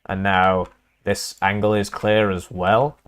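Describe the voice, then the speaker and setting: A man's voice: on the low side, little pitch movement, slow pace, clean tone. A young man casting a live strategy game match, casual and rambling with lots of fillers. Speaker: caster.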